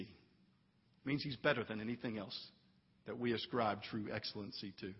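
A man's voice: on the low side, moderate pace, long pauses, husky, long reverb tail, lo-fi sound. A man preaching a sermon as pastor in a church, earnest and building to fervent emphasis. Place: church sanctuary.

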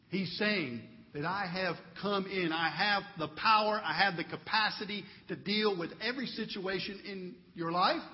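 A man in his thirties delivers a sermon in a relaxed, talky way and tells stories about family life. His voice sits high. The recording is dull and muffled, with the long echo of a large church. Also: measured pace. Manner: conversational preaching with storytelling and a closing prayer. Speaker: pastor.

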